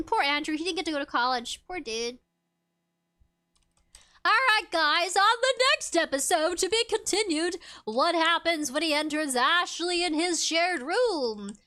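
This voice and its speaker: Bright, high-voiced young streamer woman. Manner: chatty and giggly, reading chat aloud. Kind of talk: casual live game stream, reading chat.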